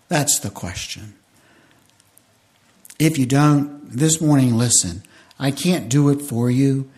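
With a mid-range voice, a fifty-something pastor preaches and recounts something from his own life, full of emotion. His delivery shifts between booming bursts and soft, close moments.

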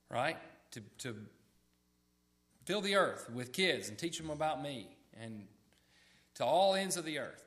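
A man's voice: on the high side, lively intonation, unhurried, long pauses, fairly bright tone. A man preaching a sermon in a conversational way, often repeating words and asking the listeners questions.

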